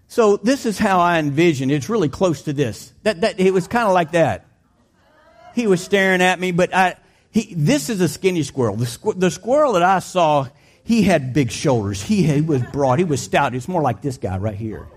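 A man preaching with a fairly high voice. He tells his story in a loose, conversational way, with restarts, and his voice climbs when things get exciting. Plain, animated sermon delivery. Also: moderate pace, husky. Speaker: pastor.

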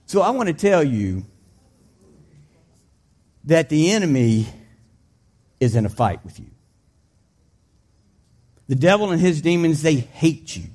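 A pastor telling a personal story in his sermon, animated and conversational, his voice climbing high when the story gets exciting. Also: husky. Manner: plain, conversational preaching with restarts.

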